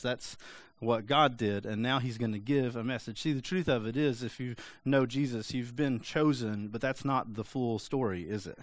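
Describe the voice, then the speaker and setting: A man's voice: mid-range voice, a little slow. A male pastor giving a sermon in a casual, joking, conversational way.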